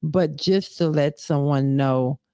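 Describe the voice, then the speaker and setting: A woman hosting a talk show, telling a personal story slowly, with frequent pauses and restarts. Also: sits low, dark tone, clear, resonant tone, dry recording. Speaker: host. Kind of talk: casual chat.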